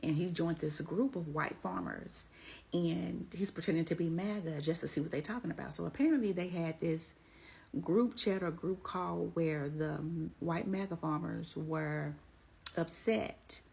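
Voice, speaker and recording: Woman, husky gravelly voice, low, gossipy and sarcastic storytelling. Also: measured pace, darkish tone. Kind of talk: storytelling social media video.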